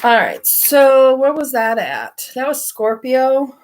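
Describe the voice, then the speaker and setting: Woman, casual tarot reader, slightly high voice, rambling, many "like" fillers. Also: sing-song, slow. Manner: rambling, filler-heavy with frequent "like". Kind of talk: casual tarot reading to camera. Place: on her bed at home. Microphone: camera in front of her.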